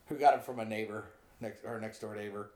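A man's voice: fairly low pitch, fairly even intonation, brisk, a little mellow, echoey room, a little hiss or hum. A man co-hosting a casual chat, rambling and doubling back as he tells stories. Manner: rambling, self-interrupting storyteller. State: coughing. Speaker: podcast co-host.

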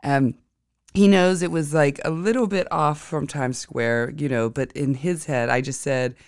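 A woman's voice: deep voice, measured pace, smooth, no echo, studio quality. A woman hosting an astrology podcast, telling a rambling, chatty story in a casual monologue.

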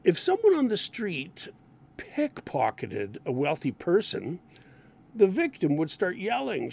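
A man explaining English expressions in a lesson. His voice is gravelly and sits a little high for a man. He swings his pitch widely and acts out lively example lines. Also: slow pace. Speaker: English teacher.

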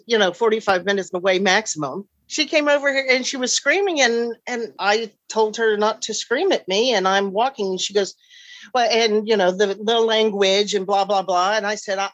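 A woman's voice: mid-range voice, normal speed, no echo. A woman telling stories in casual chat, acting out what people said to her. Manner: animated, acts out quoted dialogue. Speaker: guest. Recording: slightly dull lo-fi sound.

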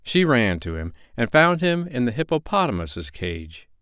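A man reading a children's animal story aloud in a lively, expressive way. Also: medium pitch, moderate pace, clear, resonant tone, dry recording, studio quality. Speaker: narrator.

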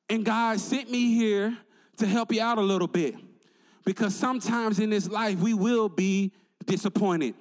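A male pastor preaching a sermon with energetic call-and-response to his congregation in a large church sanctuary. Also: sits high, measured pace. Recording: long reverb in a large church hall.

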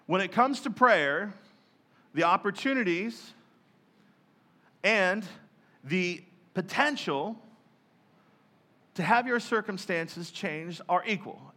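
A male pastor giving a lively sermon, joking and acting out people's prayers in mock voices. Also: a little high.

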